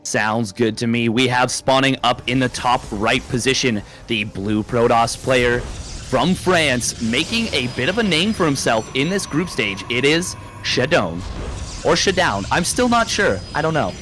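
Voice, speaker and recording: A man co-casting an esports match, easygoing and analytical, in a mid-pitched voice. Faint music plays quietly behind him. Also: lively intonation, moderate pace. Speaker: esports co-caster. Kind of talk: color commentary.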